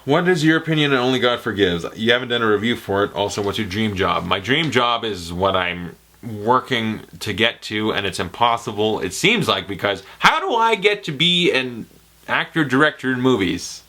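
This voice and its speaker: A man's voice: on the low side, moderate pace. A young man from Canada answering viewer questions in a casual vlog, joking and slipping into movie-quote impressions. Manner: animated, jokey, slips into movie-quote impressions.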